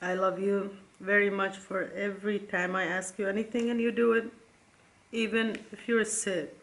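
A middle-aged woman reading old letters from her sons aloud, tender and halting, close to tears. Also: medium pitch, little pitch movement, fairly bright tone. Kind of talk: emotional casual vlog reading.

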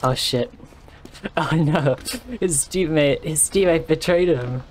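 A man with a hoarse, worn-down voice gives rambling, excitable live commentary while streaming a game from his room. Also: on the high side, slow pace, a little hiss or hum. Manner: rambling and excitable, joking and laughing. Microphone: desk microphone.

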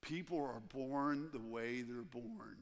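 A man preaching a sermon as pastor in a church, animated and acting out the voices he quotes. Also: mid-range voice, slow, long reverb tail. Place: church sanctuary.

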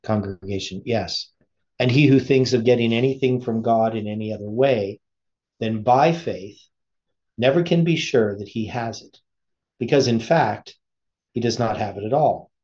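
A man's voice: medium pitch, normal speed, darkish tone. Man reading a sermon, lo-fi sound. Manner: asks the listeners rhetorical questions. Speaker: preacher. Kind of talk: reading a sermon aloud with commentary.

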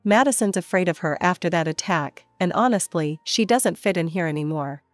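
A cool, dismissive sister-in-law who wants the girl gone, voiced by a woman narrator. The voice is fairly low and dry. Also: expressive, brisk, no room sound, soft background music, close to an everyday voice.

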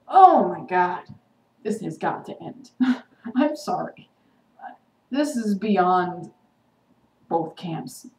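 A woman vlogger recaps a TV episode in a casual clip, her fairly low, darkish, expressive voice moving extremely slowly with long pauses. She sounds heated and indignant, sometimes lapsing into sarcastic mimicry. The room is echoey, with faint ambient noise.

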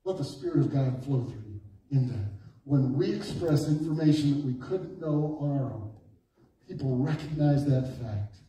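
A man preaching a sermon as pastor, slow and emphatic at times, then dropping into a quiet, storytelling voice. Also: medium pitch, a little hiss or hum. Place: church sanctuary. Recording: echoey church hall from far off.

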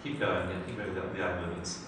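A man leads a tapping session in a directive, coaching manner, prompting phrases to repeat. His voice is fairly low. He is heard from a distance in a roomy, echoing space with audible background noise. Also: fairly even intonation, fast. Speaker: EFT practitioner. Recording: echoey room, distant mic, noise.

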